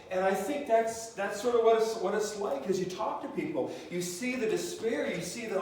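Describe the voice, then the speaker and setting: A man preaching a sermon as pastor, speaking haltingly with many restarts and fillers. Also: sits high, animated. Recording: echoey hall, mic at a distance.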